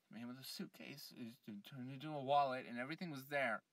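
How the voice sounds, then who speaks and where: A man telling a scary first-person story, acting out the other people's lines and swinging between hushed whispers and frantic shouts. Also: mid-range voice, a little fast, hardly any pauses, no echo, distant mic.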